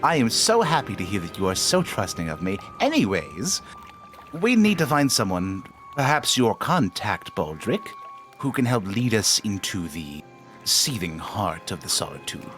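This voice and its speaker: Formal low-voiced man, lively intonation. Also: soft background music. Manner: formal, measured, dry. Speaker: player. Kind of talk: in-character tabletop role-play.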